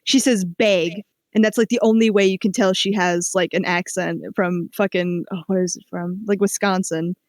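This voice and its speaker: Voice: mid-range voice, steady tone, moderate pace, hardly any pauses, dry recording. A gamer from the American Midwest, chatting casually as a podcast cohost, rambling with many fillers and restarts. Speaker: let's-play podcast cohost. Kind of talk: casual chat.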